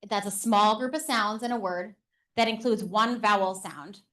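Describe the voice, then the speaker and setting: In a session room, a woman who is a teacher and reading specialist runs a live workshop for parents and educators. She talks in an animated, conversational way with frequent "um" fillers, using a mid-range voice at a moderate pace.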